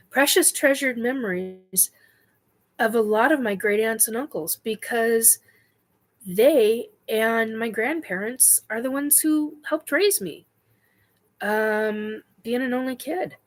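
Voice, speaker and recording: Slow, halting woman on a livestream. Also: fairly high pitch, poor audio. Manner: slow, halting, with many ums and self-corrections. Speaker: host of a spiritual livestream chat. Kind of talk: casual livestream chat reading viewer questions.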